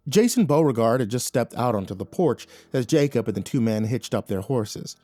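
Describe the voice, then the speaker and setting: A man narrating a scripted horror story in a measured storytelling manner. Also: mid-range voice, animated, mellow, no room sound, faint music behind.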